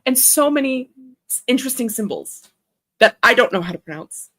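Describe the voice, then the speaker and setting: A woman's voice: fairly high pitch, expressive, normal speed, a bit bright. A young woman hosting a casual chat stream, rambling in a chatty way and laughing often. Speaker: author and livestream host.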